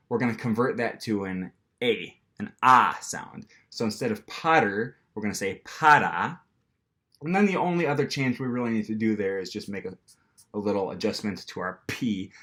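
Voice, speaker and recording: A man with an American accent teaching pronunciation to camera in a casual manner, with frequent ums, and acting out the sounds himself. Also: fairly low pitch. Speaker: language teacher.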